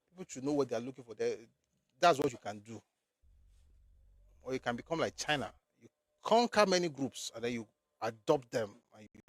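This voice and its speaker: A man's voice: mid-range voice, dry recording, studio quality. A man with a Nigerian accent delivering a blunt, emphatic political commentary monologue, repeating phrases for effect.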